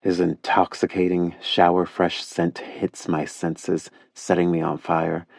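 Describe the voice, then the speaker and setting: Deep, slow, gravelly male narrator. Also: little pitch movement, no room sound, studio quality. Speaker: audiobook narrator. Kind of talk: first-person romance audiobook narration.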